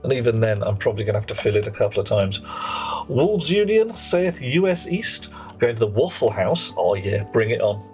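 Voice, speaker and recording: A man's voice: fairly low pitch, very animated, a little fast, a little mellow, faint music behind. A man, chatting jokily on a live game stream and reading viewer names aloud. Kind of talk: live gameplay stream chat.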